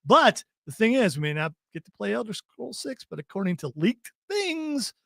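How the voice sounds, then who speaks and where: A man's voice: high-pitched, big pitch swings, moderate pace, creaky, bright, forceful tone, no echo, clean studio sound. A man hosting a radio show, casually joking and reading listener texts. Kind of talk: casual on-air banter.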